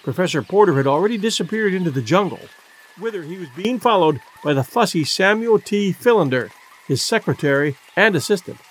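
Expressive male audiobook narrator. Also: high-pitched, brisk, husky. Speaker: audiobook reader. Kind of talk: scripted narration.

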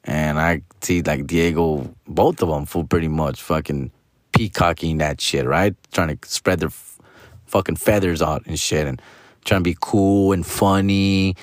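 A man's voice: extremely low pitch, a little slow, dry recording, clean studio sound. A middle-aged man hosting a casual podcast monologue, talking in a slangy, profane, rambling way and mixing in Spanish words. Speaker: podcast host.

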